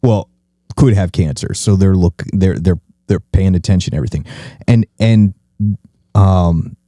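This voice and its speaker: A man's voice: sits low, a little slow, warm tone, no echo, studio quality. A man co-hosting a podcast, telling stories in a casual, profane way and often repeating words as he starts a sentence. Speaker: podcast co-host.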